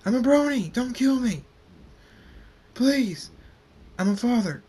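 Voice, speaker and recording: A man voicing panicked soldiers, yelling high and strained. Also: animated, slow, breathy edge, exaggerated voice. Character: panicked soldiers burning, screaming.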